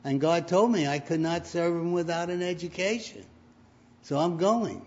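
A man's voice: on the high side, expressive, normal speed, a little mellow. A man preaching a sermon, telling stories and rising to emphatic peaks. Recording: dull lo-fi recording.

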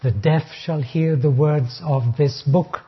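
A man preaching from scripture in a deliberate, measured way, lingering on each verse before he explains it. His voice is raspy and breathy, sitting a little high. The recording is dull and muffled, as if from an old tape. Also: fairly even intonation. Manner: deliberate, reads verses slowly then explains. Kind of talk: expository sermon on scripture.

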